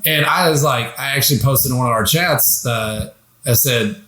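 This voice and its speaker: A man telling a story as a guest on a casual political talk show, lively and mocking the people he quotes. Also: medium pitch, normal speed. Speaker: podcast guest. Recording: echoey room.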